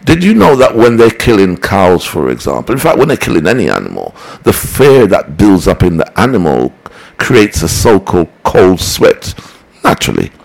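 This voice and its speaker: A man hosting a broadcast, reading listener comments and rambling in a preachy, animated way. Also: deep voice, normal speed, creaky, rough recording. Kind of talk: casual broadcast talk.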